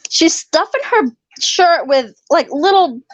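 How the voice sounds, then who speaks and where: High, animated chatty woman caller. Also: slow. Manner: chatty and laughing, fusses over her dog. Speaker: caller on a live chat. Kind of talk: casual chat.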